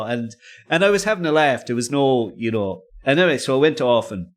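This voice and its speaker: Male podcast co-host, low-pitched, loose anecdotal delivery, restarts and chuckles. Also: expressive, brisk. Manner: rambling, self-interrupting, laughs often. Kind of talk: casual storytelling.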